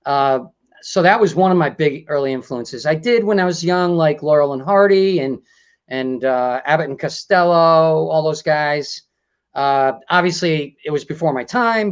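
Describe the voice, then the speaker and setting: A man's voice: on the high side, clear, resonant tone, dull audio. A man guest on a podcast, chatting casually and joking, fond of playing with voices. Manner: jokey, quick to play with voices and accents. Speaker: comedian guest.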